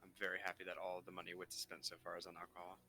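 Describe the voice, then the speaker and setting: A man at a tabletop game with a low voice and a strikingly bright, forceful edge. He speaks haltingly with many fillers, faint music behind him. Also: monotone, poor audio. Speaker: player. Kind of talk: casual tabletop play.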